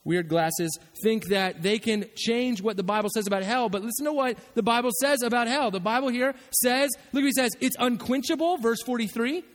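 A man preaching a sermon as pastor, animated and acting out the voices he quotes. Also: very high-pitched, a little fast, few pauses, long reverb tail.

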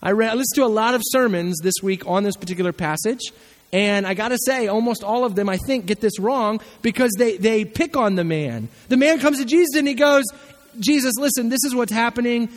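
A man's voice: high voice, lively intonation, fairly quick, long reverb tail. A male pastor preaching a sermon, telling the story with animation and acting out the voices of the people in it.

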